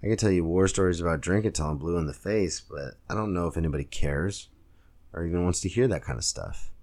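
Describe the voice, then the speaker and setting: A young man hosts a solo podcast from a room at home, rambling through stories and sports talk in a loose, filler-heavy way. His voice sits very low. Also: fast talker, a little mellow. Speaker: podcast host and stand-up comic. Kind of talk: casual solo podcast rant. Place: home room, girlfriend nearby.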